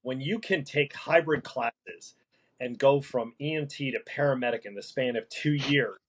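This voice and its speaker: A man who works as a paramedic, talking through a casual podcast conversation in a halting way, with many restarts and fillers. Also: mid-range voice, slightly rough, poor audio. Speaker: paramedic guest.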